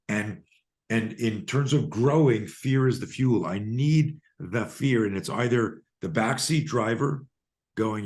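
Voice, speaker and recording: A man being interviewed, telling a vivid story with coarse language and acting out both sides of a conversation. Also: medium pitch. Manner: profane, animated storyteller acting out dialogue. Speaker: guest, fear coach.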